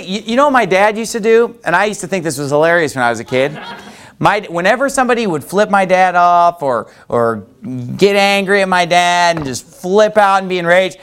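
A man's voice: high-pitched, a bit bright. A man preaching in a loose, conversational way, rambling with many restarts and folksy asides. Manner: rambling, folksy, heavy with "you know" and restarts. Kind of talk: conversational sermon.

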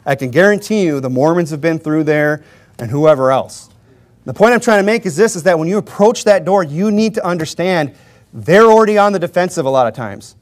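Higher-voiced man preaching a joking sermon. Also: animated, brisk. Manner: informal and joking, often chuckling; emphatic, with rhetorical questions to the congregation. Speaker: Baptist preacher. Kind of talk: conversational sermon.

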